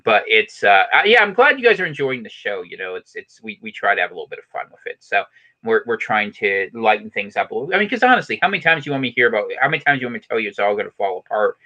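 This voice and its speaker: Brief: bright, fast-talking male podcast host who rambles and restarts. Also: fairly low pitch, sing-song, muffled recording. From western United States. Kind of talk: casual chat.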